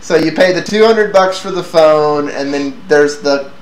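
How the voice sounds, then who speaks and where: A man's voice: fairly high pitch, a little slow. A man hosting a casual tech chat, stumbling over restarts and laughing often. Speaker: podcast host. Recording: echoey room with faint noise.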